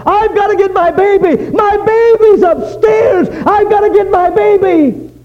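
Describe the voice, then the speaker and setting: A man's voice: very high-pitched, unhurried, a little mellow, pitched above the performer's own voice. A man voicing a frantic young mother who screams and sobs for her baby in a sermon story. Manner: screaming, sobbing pleas. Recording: dull lo-fi recording.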